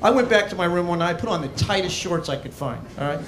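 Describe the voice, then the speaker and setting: A man's voice: high-pitched, lively intonation, fast, noisy background. A man from Arizona doing a stand-up comedy set on a club stage, with a brash, mocking, punchy delivery into a handheld mic. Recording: echoey club with audience laughter.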